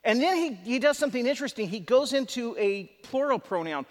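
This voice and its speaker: A man's voice: extremely high pitch, expressive, brisk. A man preaching a sermon to a live congregation, conversational and emphatic, with chatty asides. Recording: long hall reverb.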